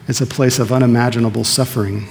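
A pastor preaching an earnest sermon, asking the congregation questions and answering them himself. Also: male voice, medium pitch, fairly even intonation, fast talker, vocal fry, slight background noise. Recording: long reverb of a large hall.

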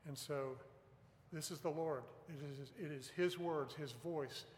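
A man's voice: on the high side, a little slow, a little hiss or hum. A man preaching a sermon in an earnest, emphatic way, pressing on key words. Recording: echoey hall with long reverb.

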